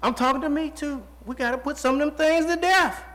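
High-voiced preacher asking the crowd questions. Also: male voice, a little fast, a bit bright. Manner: rhetorical call-and-response questions; conversational, folksy preaching. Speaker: pastor. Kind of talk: sermon.

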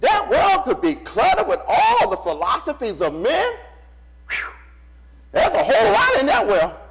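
Man preaching in church, high voice that swoops all over, keeps cutting in and repeating lines. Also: measured pace, creaky, poor audio. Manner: animated, calls on congregation, repeats phrases. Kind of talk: sermon.

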